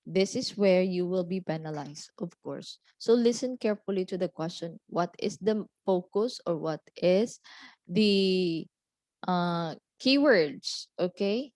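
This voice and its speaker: A woman explains speaking-test skills step by step, settling each point with a steady "okay" or "so". Her voice sits in a middle range and sounds dry and close, with little room around it. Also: medium pitch, no room sound. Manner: deliberate, repeats "okay" and "so" between points. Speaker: IELTS speaking teacher. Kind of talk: explanatory lesson.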